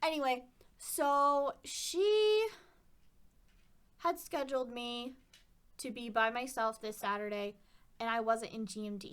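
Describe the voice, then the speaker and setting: Woman vlogging, chatty and rambly, kinda high voice, wry little asides. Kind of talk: casual storytelling.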